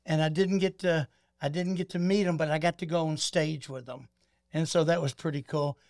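A man's voice: fairly high pitch, fairly even intonation, a little fast, creaky, a little mellow, no echo, studio quality. A man hosting a casual interview, reacting with enthusiasm. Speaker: host.

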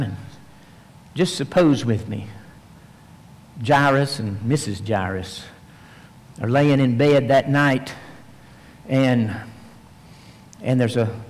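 A man preaching a sermon in a folksy storytelling manner, swinging between animated emphasis and hushed, soft passages. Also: medium pitch. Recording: long reverb, large hall.

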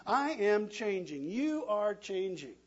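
Middle-aged male preacher, husky and slightly high, call-and-response sermon, muffled lo-fi recording. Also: sing-song, slow. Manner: emphatic call-and-response preaching, asks the congregation questions. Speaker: pastor.

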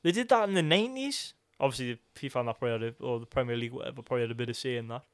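A man's voice: mid-range voice, rapid-fire, clean tone, dry recording. A man with a Geordie accent co-hosting a podcast, chatting casually with joking, sweary, rambling banter. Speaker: podcast co-host. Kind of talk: casual chat.

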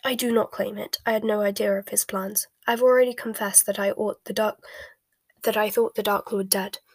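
A calm, cunning male wizard, as a woman whispers him. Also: mid-range voice, no echo. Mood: cold. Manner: measured, smooth, softly whispered. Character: cold, smooth, calculating male dark wizard. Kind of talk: whispered storybook reading.

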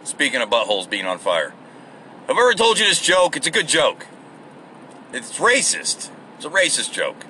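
A man's voice: on the high side, huge pitch swings, moderate pace, bright, forceful tone, a little hiss or hum. A man hosting a rambling solo podcast from his car on the way to work, profane and self-deprecating. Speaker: podcast host.

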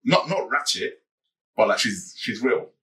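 A man's voice: on the low side, expressive, a little slow, pushed and bright, recorded from a distance. A man co-hosting a casual banter podcast, making blunt jokes and giggling. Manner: joking, giggly, blunt remarks. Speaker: podcast co-host.

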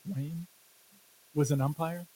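A man co-hosting a casual sports podcast, talking in animated, jokey rants and laughing often. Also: fairly high pitch, slow, slight background noise, poor audio. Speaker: podcast co-host.

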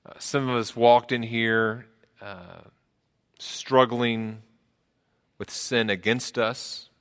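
A man preaching a sermon, his voice bright and forceful with a middle pitch. He talks earnestly, repeating words and climbing higher to stress a point. The sound rings with the long reverb of a big church hall. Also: fairly even intonation, takes it slowly, vocal fry, clean tone. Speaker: pastor.

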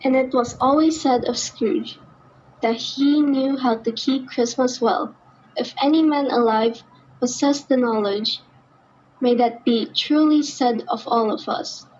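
Woman reader, slow careful pace, slightly high voice, muffled recording. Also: a little mellow. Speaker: story reader. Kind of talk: reading a classic story aloud.

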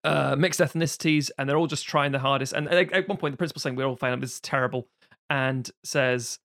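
A man, co-hosting a podcast, reviewing a film in casual, sweary, animated chat. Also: mid-range voice, fast talker, gravelly, dry recording, clean studio sound. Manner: sweary, animated retelling of scenes. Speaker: podcast co-host reviewing films.

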